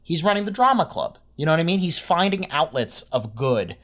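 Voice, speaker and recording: A man's voice: fairly high pitch, big pitch swings, brisk, fairly bright tone. A man co-hosting a casual review podcast, joking at himself and laughing often. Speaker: podcast co-host.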